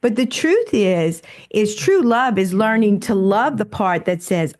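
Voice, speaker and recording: Affirming female coach, mid-pitched. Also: expressive, a little slow, a little mellow. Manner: affirming, acts out inner voices in quoted asides. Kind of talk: live coaching session.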